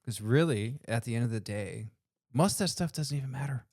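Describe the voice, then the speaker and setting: A man's voice: medium pitch, lively intonation, a little fast, a little mellow, husky, dry recording, studio quality. A man co-hosting a podcast, talking earnestly about faith and calling his guest "dude" and "man". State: tearful while telling a story. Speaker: podcast co-host. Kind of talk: casual podcast conversation.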